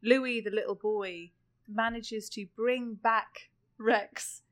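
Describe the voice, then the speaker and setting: A woman co-hosting a casual film discussion podcast, lively, often trailing off and restarting her sentences. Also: on the high side, slow. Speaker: podcast co-host.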